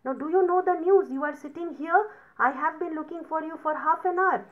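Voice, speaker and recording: A woman's voice: very high-pitched, fairly quick, highs cut off, pitched above the performer's own voice. A woman reading as a fussy gossiping lady. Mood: scolding. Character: fussy indignant middle-aged woman gossip.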